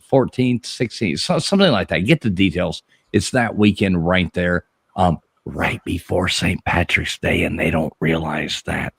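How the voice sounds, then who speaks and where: A man's voice: low-pitched, gravelly, breathy edge, no echo, studio quality. A man hosting a casual livestream chat, talking loosely, swearing a bit and restarting his sentences. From American South. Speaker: host.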